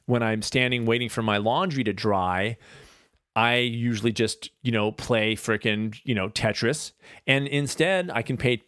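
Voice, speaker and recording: A man hosting his own podcast, talking casually and rambling through animated asides. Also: medium pitch, no room sound, clean studio sound. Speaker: podcast host. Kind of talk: casual solo podcast monologue.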